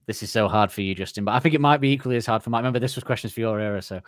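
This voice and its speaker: A man's voice: on the low side, rapid-fire, dry recording, clean studio sound. A man hosting a casual podcast quiz, teasing the players and laughing as he reads out questions.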